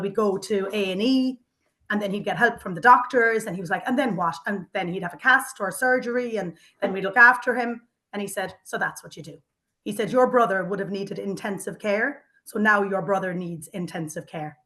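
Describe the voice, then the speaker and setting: A woman's voice: medium pitch, fairly quick, pushed and bright. A middle-aged Irish woman who manages a housing association, reflecting earnestly and with heart in an interview, with fillers and restarts. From Ireland.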